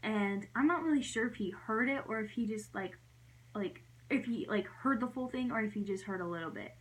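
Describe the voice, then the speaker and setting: A young adult woman vlogger tells a storytime in a chatty way, packed with "like" fillers, speaking a little fast in a medium-pitched voice on a low-quality recording. When she acts out her own reactions, her voice jumps up.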